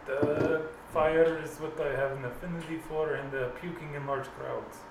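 A man voicing a brash fantasy Viking who wants to become a god, in a mock Russian accent and a blunt, deadpan manner. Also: fairly high pitch, moderate pace, gravelly. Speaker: tabletop game player. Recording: roomy, distant mic with noise.

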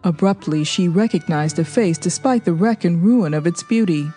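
A woman narrating a novel as an audiobook, reading in a steady, measured way. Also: on the low side, soft background music. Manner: steady, even, measured storytelling. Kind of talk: scripted narration.

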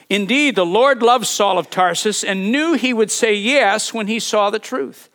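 A male pastor delivering a sermon in an animated, emphatic way, often repeating words as he builds a point and prompting the congregation to answer back. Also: high voice, unhurried, few pauses. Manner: leads congregation call-and-response.

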